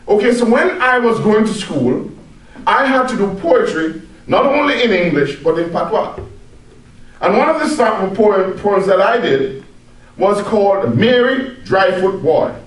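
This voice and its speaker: Jamaican guy giving a club speech, high voice swinging all over, echoey room, faint hum behind. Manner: animated, joking with the audience. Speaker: club speaker. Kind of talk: public speech to a club audience. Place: meeting room. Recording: echoey room, mic at a distance.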